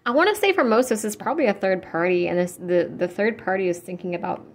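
A young woman giving a casual tarot reading, chatty and full of fillers, blunt and quick to swear. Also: mid-range voice, lively intonation, slight background noise. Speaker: tarot reader.

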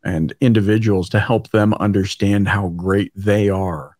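A man's voice: on the low side, level tone, a little slow, darkish tone, dry recording, clean studio sound. A man from Canada hosting an interview, enthusiastic and full of praise for his guest. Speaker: podcast host. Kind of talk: casual interview talk.

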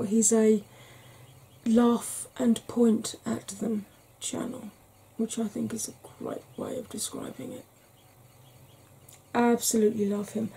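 A Welsh woman chatting frankly in a soft-spoken ASMR vlog, rambling with fillers. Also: a little high, creaky, husky. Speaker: ASMR vlogger.

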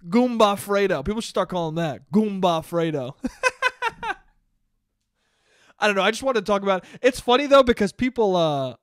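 High, lively man ranting on a podcast. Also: moderate pace, long pauses, smooth, no room sound, studio quality. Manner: laughs often, swears freely, animated. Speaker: podcast host. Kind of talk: casual solo podcast rant.

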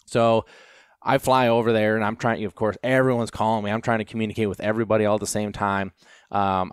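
A man who trains gundogs, casually telling a long story in an animated, self-deprecating way, with lots of fillers. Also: fairly low pitch, clear, resonant tone, no echo, studio quality.

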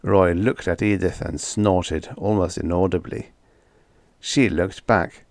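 Expressive male audiobook narrator, low voice. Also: slow pace, no echo. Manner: expressive storytelling. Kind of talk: scripted narration.

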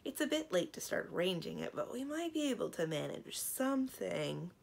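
A woman's voice: mid-range voice, big pitch swings, moderate pace, creaky. Woman doing a pompous king father. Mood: firm. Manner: stiff and proper. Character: firm pompous middle-aged king father.

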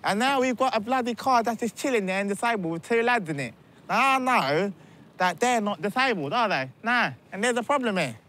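An actor playing a swaggering, self-important parking enforcer, chatty and mocking. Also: male voice, high voice, lively intonation, a little fast, bright, forceful tone. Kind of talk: mockumentary comedy acting.

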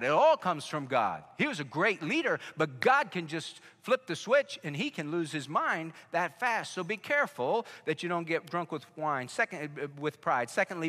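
A man's voice: a little high, sharp tone. A man preaching a sermon as pastor, telling stories and urging listeners directly with emphatic warnings. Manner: emphatic, storytelling, direct address. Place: church sanctuary. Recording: echoey church hall.

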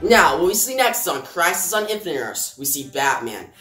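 A man's voice: on the high side, very animated, moderate pace, sharp tone, soft background music. Casual chatty man in an echoey room. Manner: casual, chatty, addresses viewers. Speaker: comic book reviewer. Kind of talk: casual review vlog.

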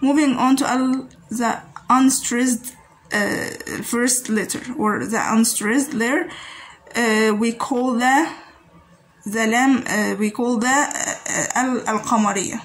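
A woman's voice: fairly high pitch, fairly even intonation, slow, poor audio. A woman teaching grammar patiently, repeating each example word several times. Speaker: Arabic teacher. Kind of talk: grammar lesson explanation.

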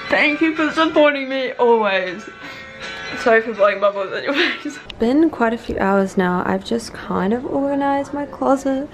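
A young woman in her twenties vlogging casually, gushing and swearing with excitement, at times tearful. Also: a little high, moderate pace, music in the background. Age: young adult. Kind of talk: casual vlog.

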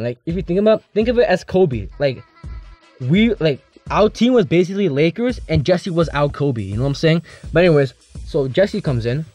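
Teenage guy, casual storytime, rambling and slangy, fairly high voice, mellow tone, faint music behind. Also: dry recording. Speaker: YouTuber telling a story. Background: faint background music.

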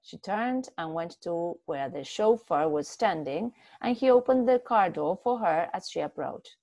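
A woman reading a short story aloud in a steady, expressive way, with a few small slips. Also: on the low side, measured pace, dry recording, highs cut off. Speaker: story reader.

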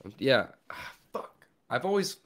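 Podcast host, male, deep rumbling voice, animated delivery, relaxed and rambling. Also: measured pace. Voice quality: deep voice like a bear. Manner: laid-back, rambling, lots of filler words. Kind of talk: casual chat.

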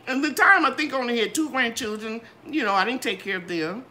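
An older woman hosting a gardening channel, chatting in a live Q and A with a lively, sing-song delivery. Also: normal speed. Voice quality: bright, trained singer's voice. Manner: animated, sing-song ups and downs in pitch. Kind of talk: live Q and A chat.

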